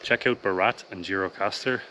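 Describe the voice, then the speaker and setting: A man with a fairly low voice speaks reflectively during a travel vlog. His talk is halting, with pauses and fillers, as he walks outdoors. Faint outdoor noise runs underneath. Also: pushed and bright. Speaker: travel vlogger. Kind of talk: casual walking vlog chat. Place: outdoors at hillside ruins.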